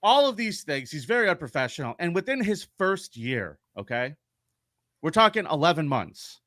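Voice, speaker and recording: Lively, bright-voiced man telling a crime story. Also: a little high, moderate pace, dry recording, clean studio sound. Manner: animated, profane, laughs while telling the story. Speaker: podcast co-host. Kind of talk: casual true-crime storytelling.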